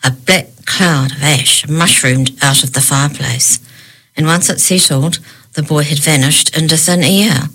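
A woman's voice: deep voice, a little slow, fairly bright tone. A woman hosting a children's storytime, reading a story aloud expressively.

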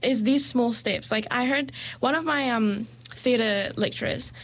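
A woman's voice: a little high, measured pace, fairly bright tone. A young woman in casual conversation, talking freely and filling her speech with "like" and small laughs. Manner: chatty, heavy use of "like", laughs easily. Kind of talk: casual chat.

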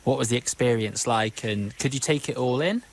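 A man's voice: mid-range voice, normal speed. A man working as a sports reporter, asking conversational, prompting questions. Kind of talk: interview.

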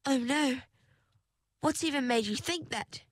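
Cheerful mermaid, high and chirpy, a touch superior, as a woman reader puts her on. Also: measured pace, husky, no echo. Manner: bright, raised, chirpy. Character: breezy, cheerful young mermaid, a bit superior. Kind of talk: storybook narration.

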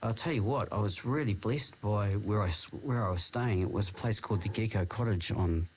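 Very deep-voiced man, easygoing host. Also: a little fast, slightly rough. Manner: hesitant, many fillers and restarts, warm-hearted. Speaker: podcast host. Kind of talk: casual chat.

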